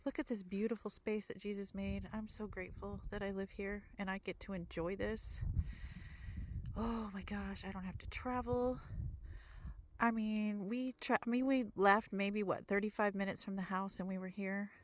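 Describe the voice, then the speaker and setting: A woman's voice: mid-range voice, steady tone, moderate pace, no echo. Gushing woman vlogging on a hike. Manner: gushing, enthusiastic. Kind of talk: casual hiking vlog narration. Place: outdoor forest trail.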